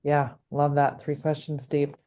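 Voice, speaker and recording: A woman host with a strikingly low voice for a woman. She talks softly and reflectively, agreeing warmly with her guest. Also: little pitch movement, measured pace. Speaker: podcast host. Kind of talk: podcast conversation.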